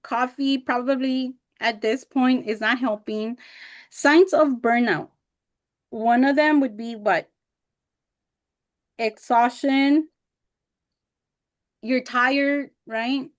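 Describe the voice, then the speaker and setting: A woman's voice: high voice, slow pace, long pauses. A woman in her thirties presenting a teacher workshop over a video call, telling personal stories candidly and expressively, sometimes getting emotional. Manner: candid and expressive, acts out past remarks in animated voices; emotional when recalling hard times.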